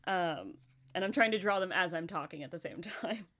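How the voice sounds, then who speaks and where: A woman's voice: fairly low pitch, moderate pace, a bit bright. Chatty woman hosting a livestream. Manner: chatty, laughs often, talks to herself. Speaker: livestream host. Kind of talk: casual chat.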